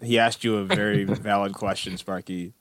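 A young man in his twenties hosts a casual group podcast with a lowish voice. He talks loosely and mocks himself, often dropping into quiet asides. The sound is dry and close, with no room around it. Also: steady tone, moderate pace, no room sound. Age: 20s. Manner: loose, self-mocking, trails off into quiet asides. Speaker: podcast host.

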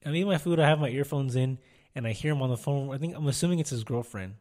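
A man's voice: mid-range voice, quick pace, darkish tone. A man co-hosting a podcast, telling rambling everyday stories with lots of fillers and quoted remarks. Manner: rambling anecdotes, filler-heavy, quotes people. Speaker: podcast co-host. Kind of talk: casual storytelling.

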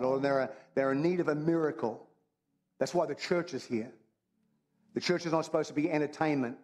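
A man's voice: medium pitch, fairly quick. A man preaching a sermon, talking in a conversational, humorous way and repeating his phrases for emphasis. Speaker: pastor.

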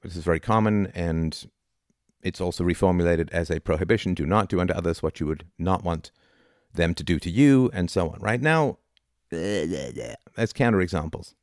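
A middle-aged man with a low, deep voice lectures on philosophy in an argumentative, rhetorical way, constantly checking in with "right?". The sound is close and dry, with no room echo. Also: brisk. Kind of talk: informal philosophy talk.

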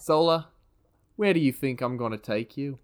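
A man narrating a tabletop role-playing game as game master, in a relaxed, conversational way. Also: mid-range voice, normal speed. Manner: relaxed, conversational, with frequent laughs.

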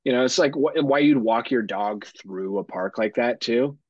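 A man's voice: mid-range voice, moderate pace, darkish tone, no room sound, lo-fi sound. A man in his thirties co-hosting a casual podcast chat, joking and swearing freely. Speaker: podcast co-host.

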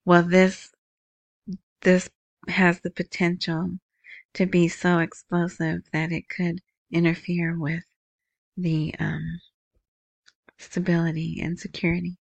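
A woman's voice: lowish voice, slow pace, gravelly, long pauses, dry recording. A woman hosting a casual news commentary, chatty, who often asks "right?". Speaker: video host.

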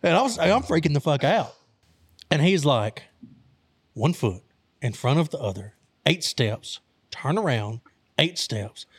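A man's voice: a little high, lively intonation, takes it slowly, long pauses, husky. A young man from Arkansas telling a wild story in casual talk, profane and laughing as he goes. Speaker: storyteller host.

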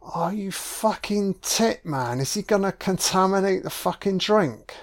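A man giving a casual, sweary audio commentary on a film, reacting out loud to what he sees. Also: high voice, expressive, a little slow. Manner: sweary, exclaiming reactions at the screen.

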